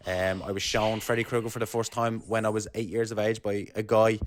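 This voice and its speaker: A man's voice: lowish voice, little pitch movement, brisk. A young Irish man co-hosting a podcast, telling rambling, jokey stories in casual chat. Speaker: podcast co-host.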